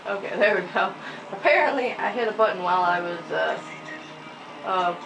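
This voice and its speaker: A young woman giving casual, rambling gameplay commentary, giggling often and filling pauses with ums, a little sleepy with hiccups. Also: medium pitch, expressive, creaky, music in the background. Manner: rambling, giggly, many fillers. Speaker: gaming channel host. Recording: distant mic with faint noise.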